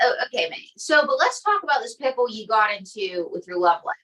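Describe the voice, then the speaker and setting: A woman's voice: fairly high pitch, expressive, a little fast, hardly any pauses, pushed and bright, recorded from a distance, rough recording. A woman ventriloquist comedian doing chatty, showy emcee patter for a comedy act.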